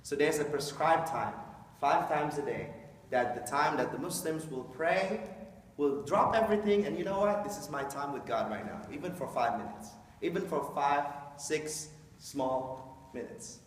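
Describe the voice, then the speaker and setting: A man's voice: on the high side, moderate pace, slight background noise. A man giving an informal, joking talk to a live audience, often acting out quoted voices. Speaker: speaker explaining Islam to an audience. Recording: echoey hall from a distant mic.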